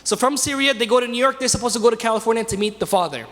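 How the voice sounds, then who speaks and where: A man with a high voice leads a religious lesson in a mosque. He tells the story in a loose, conversational way and keeps turning to his class with questions. His voice rings out with a long echo in the hall. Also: very fast, fairly bright tone. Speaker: teacher leading a class. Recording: reverberant hall.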